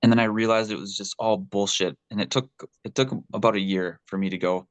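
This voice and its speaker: A man's voice: fairly low pitch, steady tone, a little fast, no echo. A man speaking candidly and with feeling as an interview guest, a former pole vaulter who swears freely and often restarts his sentences. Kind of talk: casual interview conversation.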